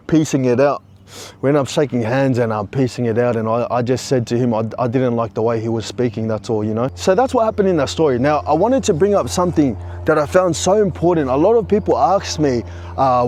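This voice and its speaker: A man tells a personal story in a loose, conversational way, stumbling and restarting his sentences. His voice sits a little on the high side, and he fills his talk with "bro" and "you know". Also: darkish tone. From Australia.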